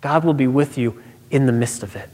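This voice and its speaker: A man's voice: medium pitch, brisk, a little mellow. A male pastor giving a conversational sermon, telling personal stories and explaining scripture. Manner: conversational preaching with personal anecdotes. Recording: long reverb of a large hall.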